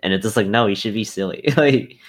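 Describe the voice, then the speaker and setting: A man co-hosting a podcast in casual chat, agreeable and quick to laugh. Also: lowish voice. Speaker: podcast co-host.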